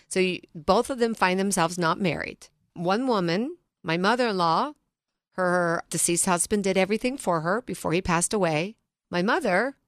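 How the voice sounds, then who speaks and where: A woman's voice: medium pitch, a bit bright, no echo, studio quality. A middle-aged woman, a financial planner hosting a radio talk show, telling stories earnestly and restarting her sentences.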